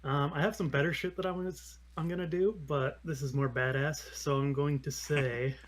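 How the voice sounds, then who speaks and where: A man's voice: a little high, steady tone, normal speed, slight background noise. Man player, casual rambling table chat. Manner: rambling, laughing, with many ums and restarts.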